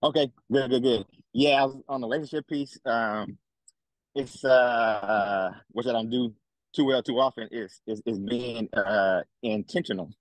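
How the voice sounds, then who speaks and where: A man chiming in on a video call, pausing and hunting for his words as he speaks. His pitch sits in the middle range. The sound is dry, with no room echo. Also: steady tone. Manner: hesitant, searching for words. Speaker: call participant. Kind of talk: casual chat on a video call.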